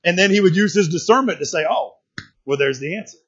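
A man preaching a sermon in a conversational, animated way, often restarting his words. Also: high-pitched, quick pace, slightly rough, lo-fi sound. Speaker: pastor.

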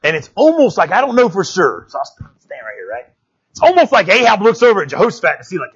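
A male pastor preaching a sermon in a church, animated and conversational, often checking in with "right?". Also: fairly high pitch, a little fast, husky, muffled recording.

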